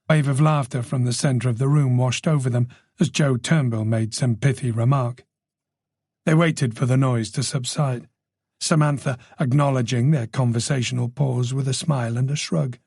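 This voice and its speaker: A man narrating a mystery audiobook in a measured, even storytelling manner. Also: medium pitch, gravelly, breathy edge, no echo, studio quality. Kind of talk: scripted narration.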